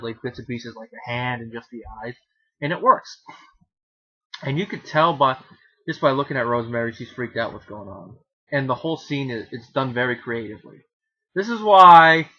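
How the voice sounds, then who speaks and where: A man's voice: mid-range voice, pushed and bright, highs cut off. A man giving a casual, rambling film review, often correcting himself mid-sentence and joking.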